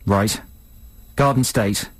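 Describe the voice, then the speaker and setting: A man's voice: on the low side, slow pace, no room sound. A man co-hosting a radio show, chatting playfully and teasing callers. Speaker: radio host. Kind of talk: casual radio banter.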